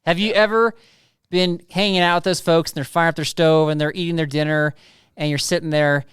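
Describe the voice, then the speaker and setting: A male podcast host with a smooth, clear voice, pitched a touch high, keeps the chat upbeat and teasing. The sound is close and dry, with no room echo. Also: fairly even intonation, brisk, fairly bright tone. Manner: upbeat and teasing, laughs easily. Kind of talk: casual interview chat.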